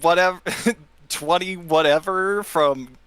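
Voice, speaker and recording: A man's voice: high voice, slow, a bit bright, smooth, dry recording. A man playing a tabletop game, teasing the others and laughing, with playful swearing. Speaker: player.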